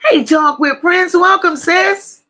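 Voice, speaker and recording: A woman hosting a casual livestream, slowly greeting viewers by name and reading their comments aloud. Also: extremely high pitch. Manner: warm drawn-out greetings with endearments. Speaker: livestream host.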